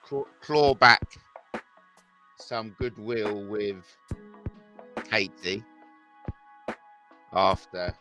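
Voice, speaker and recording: Slow rambling male livestreamer. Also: fairly low pitch, bright, forceful tone, faint music behind. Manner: rambling, chuckling, mimics clips in mocking voices. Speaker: livestream host. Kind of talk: casual livestream commentary.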